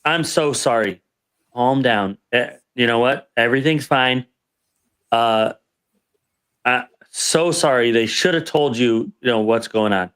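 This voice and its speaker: A man's voice: mid-range voice, measured pace, fairly bright tone, smooth, lightly acted. A man voicing a flustered female army sergeant who stammers and apologizes, in a podcast story. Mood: flustered apologetic.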